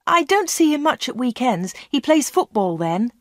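A woman's voice: very animated, moderate pace, dry recording, clean studio sound. Woman reading as a nervous young village woman. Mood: curious. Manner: higher, brighter voice for the character.

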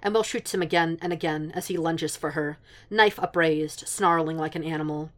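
A woman narrates fan fiction as an audiobook. Her voice sits low, and she keeps a steady, even storytelling pace. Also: normal speed.

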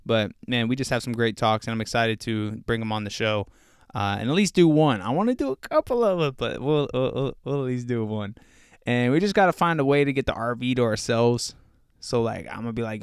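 A man's voice: medium pitch, lively intonation, fairly quick, clear, resonant tone, dry recording, clean studio sound. A young man hosting a casual faith podcast, rambling earnestly with lots of fillers, a little out of breath. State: slightly out of breath. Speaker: podcast host.

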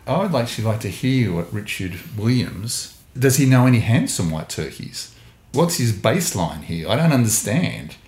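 A man's voice: medium pitch, big pitch swings, normal speed, darkish tone. A man co-hosting a podcast, chatting casually about sport with joking, sarcastic asides. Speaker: podcast co-host. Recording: echoey room.

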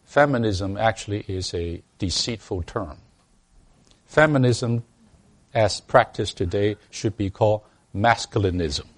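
A man's voice: lowish voice, measured pace. Stammering, emphatic male preacher. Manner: addresses the congregation directly with rhetorical questions. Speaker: pastor. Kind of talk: sermon.

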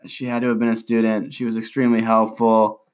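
Hyped young man with low voice. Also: monotone, quick pace. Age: young adult. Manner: rambling, hyped surfer-slang talk. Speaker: podcast host. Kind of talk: casual solo podcast chat.

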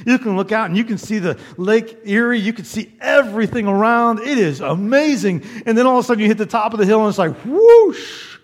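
Earnest encouraging male pastor preaching. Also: high voice. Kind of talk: sermon.

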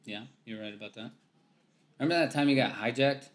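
A man hosting a podcast, chatting casually, with joking, teasing remarks and quick reactions. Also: medium pitch, roomy sound. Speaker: podcast host.

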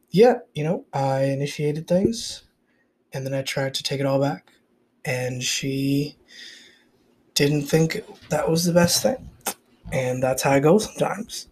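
A man's voice: a little high, a little slow, pauses often, background noise. A man hosting a casual solo podcast, talking in a rambling, confessional way and swearing often, recorded on a phone. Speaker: podcast host. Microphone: iPhone recording.

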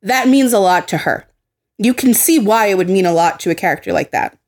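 A woman's voice: medium pitch, animated, brisk, darkish tone. A young woman co-hosting a casual podcast chat, heated and swearing freely as she acts out quotes. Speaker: podcast co-host.

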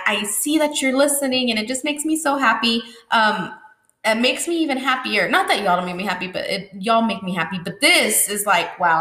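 A young woman hosts her own podcast from home, talking in a bubbly, rambling way with plenty of ums and likes. Her voice is bright and forward. The room adds a noticeable echo. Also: a little high. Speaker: podcast host. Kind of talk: casual solo podcast chat. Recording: roomy echo.

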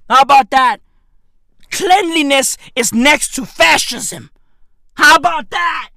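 A man from South Africa rants in a bright, high voice that leaps all over the place. He talks slowly and swears a lot, mocking his targets. The sound is dry and close. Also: no echo. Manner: loud profane ranting, mocking. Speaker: comedian ranting. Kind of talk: comedic rant.

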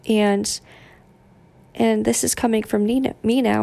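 A young woman hosting a podcast, giving a casual motivational monologue in a deadpan, monotone way. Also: medium pitch, takes it slowly, gravelly. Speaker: podcast host.

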